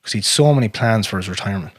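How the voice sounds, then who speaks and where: An Irish man hosting a podcast, talking frankly and with plenty of swearing, his voice sinking low and quiet on hard memories. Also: very fast, husky, no room sound, studio quality. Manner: frank and profane, drops to a near whisper on painful memories. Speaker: podcast host. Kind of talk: casual conversation.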